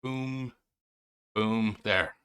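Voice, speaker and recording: A man's voice: fairly low pitch, extremely slow, a bit bright, clear, resonant tone. A man hosting a reaction stream from home, talking in a rambling, sarcastic, self-interrupting way. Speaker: react channel host. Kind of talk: casual commentary. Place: home, indoors.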